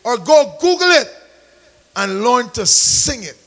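A man preaching a sermon, calling out to the congregation and rising into shouts. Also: very high voice, very animated, slow pace, poor audio. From Caribbean. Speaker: pastor.

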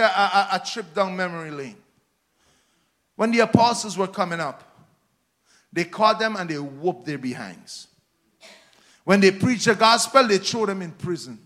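Preaching to a church in a high-pitched voice, a man fires off rhetorical questions, his delivery surging from near-whispers up to shouts.

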